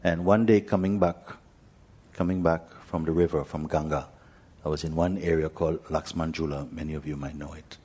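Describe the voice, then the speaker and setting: A man who teaches spirituality, telling a personal story to a gathering in a gentle, unhurried way with frequent pauses. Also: very deep voice, steady tone, breathy edge. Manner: gentle, unhurried, pausing often. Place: talk hall in India.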